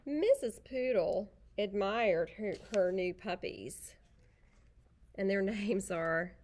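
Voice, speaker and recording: Teacher lady reading a picture book to little kids, slow and easy, chatty, stops to point at pictures. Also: mid-range voice, darkish tone.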